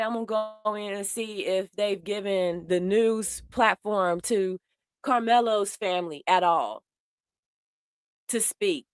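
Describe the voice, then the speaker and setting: A woman's voice: mid-range voice, measured pace, fairly bright tone, smooth, dry recording, clean studio sound. A woman doing heated commentary, blunt and profane, speaking straight to her viewers in a way. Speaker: commentary host. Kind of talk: casual commentary.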